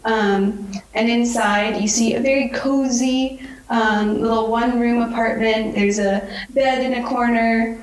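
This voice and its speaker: A woman's voice: fairly high pitch, fairly even intonation, a little slow. Woman game master, echoey room. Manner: filler-heavy, descriptive. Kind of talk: narrating a tabletop game.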